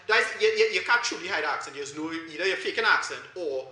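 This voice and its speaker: A fast-talking man with a bright, forceful voice, chatting about a film in an animated, excitable way. He sits in an echoey room. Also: fairly high pitch. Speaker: podcast co-host. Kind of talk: casual film review chat.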